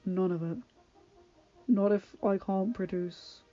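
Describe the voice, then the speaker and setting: A woman reader voicing an ashamed young nobleman who speaks in a flat, hollow tone. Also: mid-range voice, slow, soft background music, close to an everyday voice. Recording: dull lo-fi recording.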